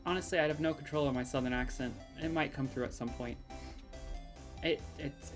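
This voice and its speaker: A woman streamer giving chatty game commentary, laughing and tripping over her words when excited. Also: extremely low pitch, brisk, soft background music. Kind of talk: let's play commentary.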